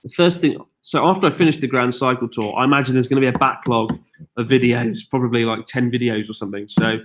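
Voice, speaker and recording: A British man leads a relaxed live chat from a log cabin up a mountain. He reads out viewers' questions and answers them in a chatty, self-mocking way, with an easy, mid-pitched voice. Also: fast, a little hiss or hum. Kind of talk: casual live-stream chat.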